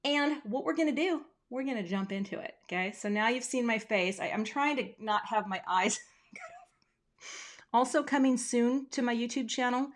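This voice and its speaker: A woman's voice: fairly high pitch, normal speed. A woman hosting a casual live crafting tutorial from her home craft room on a webcam, chatty and playful, with self-deprecating asides. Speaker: craft teacher hosting a livestream.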